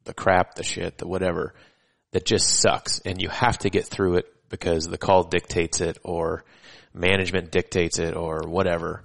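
Very deep, gravelly, flat-voiced man. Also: moderate pace, few pauses. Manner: relaxed, earnest, casual swearing. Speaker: podcast host, firefighter. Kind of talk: casual chat.

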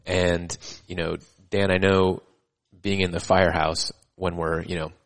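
Very deep, gravelly, flat-voiced man. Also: measured pace. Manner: relaxed, earnest, casual swearing. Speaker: podcast host, firefighter. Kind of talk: casual chat.

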